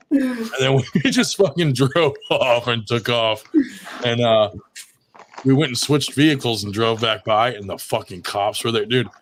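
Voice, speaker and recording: A man's voice: medium pitch, fairly bright tone, a little hiss or hum. A man telling prank stories in casual chat, swearing often and laughing as he goes. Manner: profane, laughing storyteller. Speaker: podcast co-host. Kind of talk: casual storytelling.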